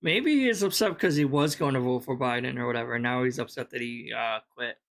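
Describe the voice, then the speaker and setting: A reaction host talks over a clip in a casual, mid-pitched voice. The tone is exasperated and sarcastic, with plenty of swearing. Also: fast, a bit bright.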